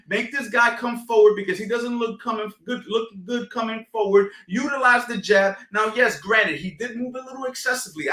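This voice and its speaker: A man coaching boxing rants to his stream in a high, bright voice that rings around an echoey room. He swears constantly and keeps demanding answers through rhetorical questions, heated and insistent. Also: recorded from a distance. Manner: profane, fired-up, rhetorical questions. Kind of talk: heated livestream rant.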